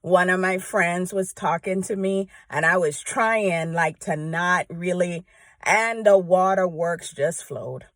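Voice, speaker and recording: A woman's voice: fairly low pitch, slow pace, a bit bright, dry recording. Earnest heartfelt woman, dry close sound. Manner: earnest, heartfelt, conversational with frequent "right?". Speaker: church praise team member sharing encouragement. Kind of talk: personal devotional talk to camera.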